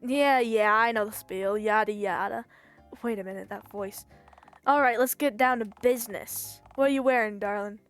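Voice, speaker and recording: A woman's voice: medium pitch, normal speed, smooth, soft background music, lightly acted. A woman voicing a sleazy male caller who is a pushy mugger and throws around pet names. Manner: smarmy, calls people pet names.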